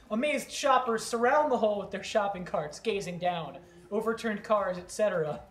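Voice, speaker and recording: A woman narrating stage directions at a live script read, slipping into playful joking asides between lines. Her voice sits fairly high, and the room around her is roomy. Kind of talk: reading stage directions aloud.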